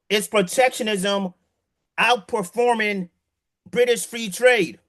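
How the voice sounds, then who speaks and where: A man with a high, bright voice talks through an argument in casual commentary. He is emphatic, stumbles and restarts on words, and keeps asking rhetorical questions. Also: measured pace. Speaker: political commentator.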